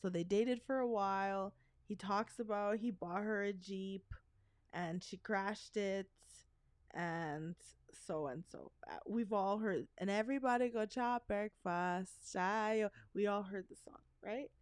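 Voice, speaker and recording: A woman's voice: mid-range voice, measured pace, no room sound, studio quality. A middle-aged woman co-hosting a podcast, telling stories in a chatty, rambling way with asides. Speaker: podcast co-host. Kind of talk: casual chat.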